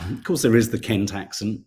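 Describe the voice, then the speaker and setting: A man's voice: lowish voice, a little mellow. A middle-aged man, co-hosting a casual live stream, chatting and reading viewer comments while thinking aloud with frequent restarts.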